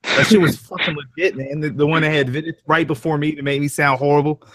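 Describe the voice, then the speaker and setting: A man's voice: fairly high pitch, steady tone, fast, a bit bright, no echo, clean studio sound. A young man, a fellow story narrator, chatting casually, slangy and profane, joking and trailing off. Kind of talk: casual chat.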